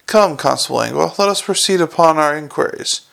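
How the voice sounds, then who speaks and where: A man's voice: fairly high pitch, brisk, creaky, a bit bright. A man doing a cheerful, earnest young watchman.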